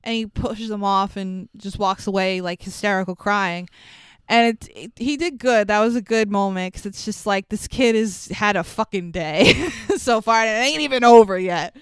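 A woman casually recapping a film with a co-host, animated and swearing, acting out the lines she quotes. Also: mid-range voice, normal speed, clean tone, no echo, studio quality.

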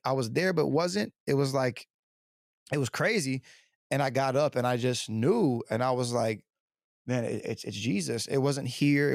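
Gravelly-voiced man telling his testimony. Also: mid-range voice, darkish tone, dry recording, clean studio sound. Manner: rambling and earnest, filled with "like" and "you know"; acts out quoted people with a raised voice. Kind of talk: personal testimony interview.

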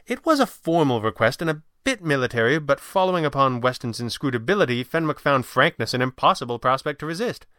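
A man narrating an audiobook in an even, measured storytelling manner. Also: medium pitch, no echo, clean studio sound.

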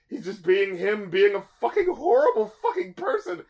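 A man's voice: high voice, big pitch swings, moderate pace, few pauses, a little mellow. A man co-hosting a casual music review chat, exasperated and cursing often as he reads lyrics aloud. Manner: exasperated, swears a lot, reads lyrics aloud in mocking voices. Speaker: music critic co-host.

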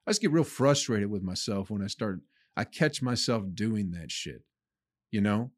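A man's voice: fairly low pitch, animated, moderate pace, no echo. A man hosting his own comedy podcast, delivering a rambling, profane monologue that he aims at listeners he calls people. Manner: acts out his own inner voice in quotes.

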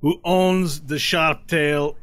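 A man voicing a drunken tiefling brute who swaggers into a bar, loud and sneering. He stretches his insults out slowly and pushes his voice up high. A rough tabletop game villain. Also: fairly even intonation. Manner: loud, sneering, drawn-out threats. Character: rowdy drunk male tiefling gang leader.

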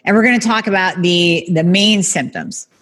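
A woman hosting a health podcast, giving a lively solo talk straight to her listeners, with some mild swearing. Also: lowish voice, normal speed. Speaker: podcast host, functional medicine practitioner. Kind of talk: podcast monologue.

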